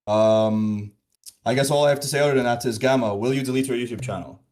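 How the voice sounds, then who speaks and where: A man with a plain, mid-range voice argues dismissively over a voice call and throws out flat insults. At times he drifts away from his mic. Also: mid-range voice, fast. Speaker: debater, YouTuber. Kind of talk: casual online debate.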